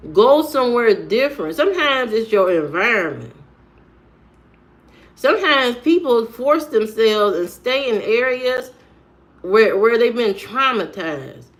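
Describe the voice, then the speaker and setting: Slow, preachy woman vlogger. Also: a little high, fairly bright tone. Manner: blunt and preachy, fires off rhetorical questions. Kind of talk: preachy straight-to-camera monologue.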